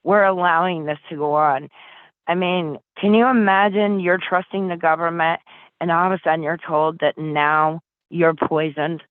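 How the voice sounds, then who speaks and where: A woman's voice: on the low side, steady tone, normal speed, dry recording. A woman from Flint, Michigan, talking as an interview guest in an urgent, emotional, pleading way over a phone line. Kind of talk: impassioned interview talk. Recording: tinny phone line, dry.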